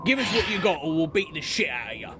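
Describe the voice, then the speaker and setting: A man's voice: fairly high pitch, takes it slowly, noisy background, pitched above the performer's own voice. A man doing a coarse, menacing orc bandit. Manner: threatening, coarse swagger.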